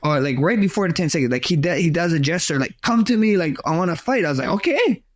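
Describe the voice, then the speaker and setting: A man's voice: on the high side, fast. A man talking casually as a guest on a podcast, acting out quotes and saying "bro" and "like" all the time. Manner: animated storyteller, acts out quotes; says "bro" and "like" often. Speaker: guest fighter.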